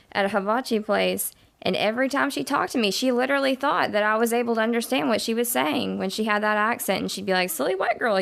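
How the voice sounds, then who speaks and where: Woman, podcast co-host, casual chat, vocal fry, wry matter-of-fact. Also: medium pitch.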